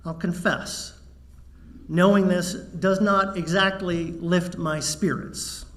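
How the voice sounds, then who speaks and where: A man preaching a sermon to his congregation, measured and wry, telling a joke before turning serious. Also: high voice, fairly even intonation, a bit bright. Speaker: minister.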